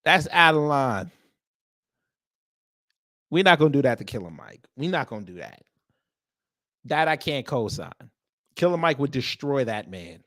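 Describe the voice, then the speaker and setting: A man's voice: medium pitch, big pitch swings, a little slow, pauses often, fairly bright tone, no room sound. Man drawling wry reaction commentary. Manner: wry, drawling asides between read-out comments. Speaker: reaction video host.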